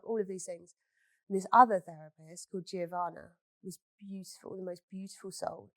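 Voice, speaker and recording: A woman's voice: on the low side, steady tone, fairly quick, no room sound. A woman, a beauty business owner, telling stories in a candid chat and swearing freely. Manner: blunt, swears freely, storytelling.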